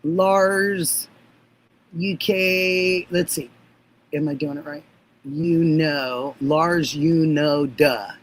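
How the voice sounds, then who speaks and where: A woman hosting a livestream, chatting warmly with viewers and laughing often. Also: low-pitched, steady tone, very slow, a little hiss or hum, rough recording. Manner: gushing, affectionate, laughs often. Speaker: livestream host. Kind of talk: casual livestream chat.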